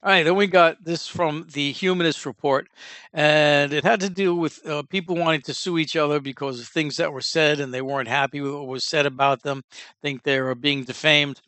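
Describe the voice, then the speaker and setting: A man's voice: a little high, steady tone, normal speed, sharp tone, clear, resonant tone, no echo. A man hosting a casual news commentary podcast, rambling with many fillers and restarts, in a Northern US accent. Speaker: podcast host.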